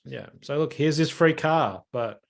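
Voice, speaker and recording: A man's voice: on the high side, animated, a little slow, creaky. A man, co-hosting a podcast in casual chat, telling stories and acting out the lines of the people in them. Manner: storytelling with acted-out quotes. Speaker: podcast co-host.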